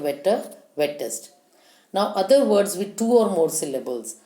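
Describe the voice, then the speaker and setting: A woman teaching a grammar lesson, slowly listing word forms and spelling out letters one by one. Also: on the low side, mellow. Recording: echoey room.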